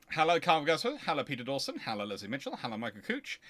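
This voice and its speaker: Male stream host, bright forceful voice, slightly high, rambling chatty delivery. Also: no room sound. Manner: excitable, rambling, frequent restarts. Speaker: history livestream host. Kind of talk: casual livestream chat.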